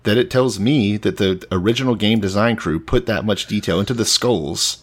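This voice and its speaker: A man co-hosting a podcast, chatting casually with teasing, deadpan jokes. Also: fairly low pitch, moderate pace. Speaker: podcast co-host.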